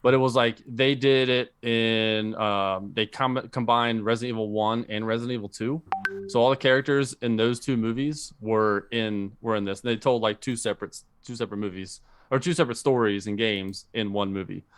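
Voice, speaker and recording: A man with a slightly low, smooth and clear voice, chatting casually on a podcast. He rambles through his thoughts with lots of "um"s and restarts. The sound is close and dry. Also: fairly even intonation, normal speed, dry recording. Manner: rambling, many fillers and restarts. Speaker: podcast co-host. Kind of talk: casual chat.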